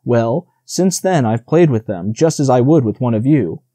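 A man's voice: mid-range voice, expressive, normal speed, mellow, no room sound, lightly acted. A man reading the part of a proud young male deer who boasts about his time with people, in an audiobook. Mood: boastful.

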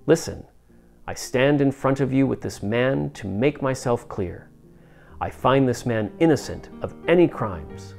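Man playing a stern Roman governor, scripture drama, raised insistent questions, gravelly, faint guitar behind. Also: medium pitch, animated, moderate pace, a little mellow. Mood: pressing.

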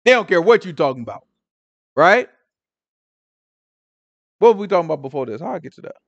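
Male preacher, AAVE speech, lively casual sermon, higher voice, dry close sound. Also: fairly quick, creaky, no echo, dull audio. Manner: animated, colloquial, mimics people in different voices. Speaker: Bible teacher.

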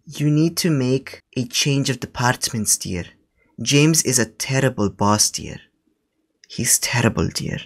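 A man with an animated, medium-pitched voice and measured pace plays a scolding, fussy old grandmother to bait a scammer on a prank call. The character meanders and finishes almost every line with "dear."

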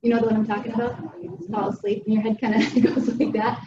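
A middle-aged woman from Wisconsin tells a light, funny story to a room as a guest speaker. Her voice sits a bit high and keeps checking in with the audience. The recording is dull, noisy and distant, with a lot of room echo. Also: flat delivery, fast talker. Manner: chatty, humorous, keeps checking in with "right?". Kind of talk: storytelling presentation. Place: meeting room.

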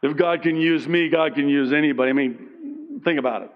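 A male pastor preaching a sermon in an animated, self-deprecating way, laughing often and acting out the people in his stories. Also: a little high, a little fast, muffled recording.

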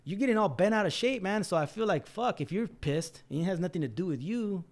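Fast-talking man telling a story. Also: sits high, lively intonation, a little mellow. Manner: swears often, acts out others' lines. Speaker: podcast guest. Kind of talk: casual storytelling.

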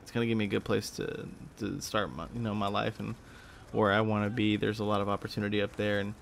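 A man's voice: fairly low pitch, flat delivery, quick pace, gravelly. A tired young man from Texas, rambling casually about his gaming videos with lots of fillers and restarts. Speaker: gaming YouTuber. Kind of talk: rambling casual vlog talk. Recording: faint background noise.

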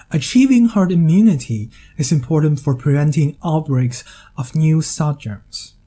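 A man's voice: fairly high pitch, warm tone. A man with a dry, wry humor reading his own video essay, with frequent hesitant fillers. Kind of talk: scripted monologue.

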